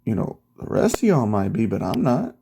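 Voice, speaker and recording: A man's voice: fairly low pitch, wildly swooping pitch, normal speed, a little hiss or hum. A man voicing a blunt, confident teenage boy hero in a loose, slangy, profane manner.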